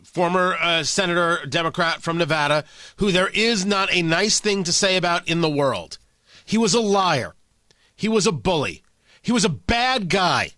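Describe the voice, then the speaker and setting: A man's voice: high-pitched, lively intonation, moderate pace, sharp tone, no echo. A man hosting a political talk show, delivering combative, sarcastic commentary.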